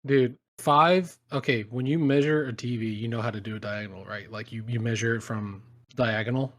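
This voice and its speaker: A man's voice: mid-range voice, fairly quick. A young man co-hosting a comedic podcast, ranting sardonically and swearing a lot. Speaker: podcast co-host. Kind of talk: crude comedic podcast banter.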